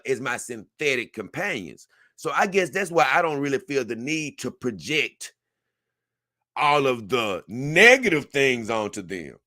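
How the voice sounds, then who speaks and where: Young guy on a livestream, bright voice, dry close sound, chatty and animated. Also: a little high, dry recording. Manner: animated, conversational, reads a text aloud and reacts to it. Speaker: livestream host. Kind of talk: casual livestream commentary.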